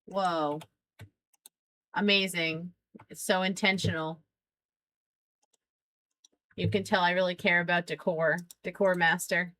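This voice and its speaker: A woman's voice: lowish voice, little pitch movement, takes it slowly, pauses often, a bit bright, no echo. A woman streaming a game live, chatting with her viewers in a playful, teasing way and laughing often. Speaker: streamer playing a farming game.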